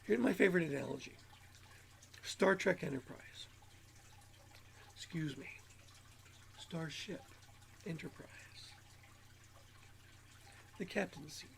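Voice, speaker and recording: Gravelly high-voiced man rambling. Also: measured pace, long pauses, slight background noise. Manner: rambling, musing, repeats words. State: nasal from allergies. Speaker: channel host. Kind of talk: rambling self-help monologue.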